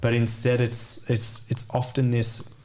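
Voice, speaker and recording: A man's voice: mid-range voice, completely flat delivery, a little slow, darkish tone. A man with an Australian accent chatting as a podcast guest, rambling and full of filler words. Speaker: guest, DJ and music producer. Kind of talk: casual podcast chat.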